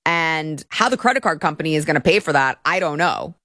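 A woman's voice: deep voice, expressive, brisk, sharp tone, no echo, clean studio sound, exaggerated voice. A woman doing a sarcastic, whiny imitation of an entitled immigrant worker. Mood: mocking whine.

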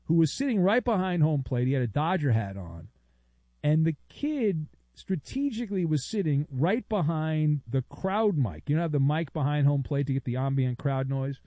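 Lively high-voiced sports radio host. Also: male voice, normal speed, dry recording. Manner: chatty, opinionated, animated storytelling. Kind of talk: talk radio monologue.

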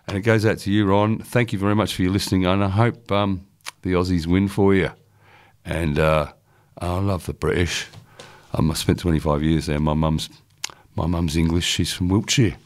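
A man's voice: low voice, steady tone, moderate pace. A man working as a radio DJ, presenting casually in a chatty, rambling way with lots of fillers.

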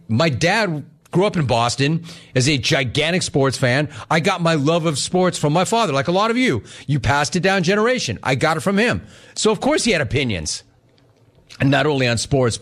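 A middle-aged man with a slightly high voice hosts a sports radio show at a moderate pace. He casually works through listener questions and tells stories with animation, acting out the quoted dialogue.

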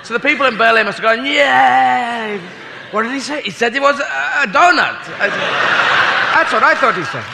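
A man's voice: very high voice, animated, fast, creaky. A British man doing a rambling, self-mocking stand-up routine with sweary asides. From United Kingdom. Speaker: stand-up comedian. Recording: reverberant hall with audience noise.

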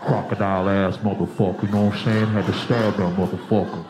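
A man's voice: on the low side, fairly even intonation, fairly quick, a crowd in the background, voice pushed down, natural voice. A man voicing a surly, tough male stingray who talks like a streetwise gangster, swaggering and profane, in a stand-up act-out. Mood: aggrieved, boastful. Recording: echoey room, clear background noise.

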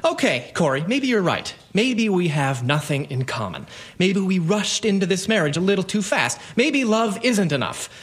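An actor playing a tired young lawyer husband who is sarcastic, exasperated and deadpan. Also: male voice, high voice, normal speed. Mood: weary, sarcastic. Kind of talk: stage-play acting.

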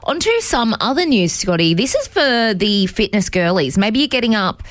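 A woman's voice: mid-range voice, very animated, normal speed, no room sound. A young Australian woman in her twenties co-hosting breakfast radio, chatting casually through the news with bubbly asides. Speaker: radio co-host. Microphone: studio mic.

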